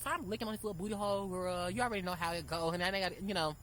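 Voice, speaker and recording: A woman's voice: fairly low pitch, rapid-fire, a little hiss or hum, poor audio. A young woman tells a casual storytime in a sassy, brash way, calling her listeners girl and honey. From Memphis, Tennessee. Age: 20s. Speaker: vlogger.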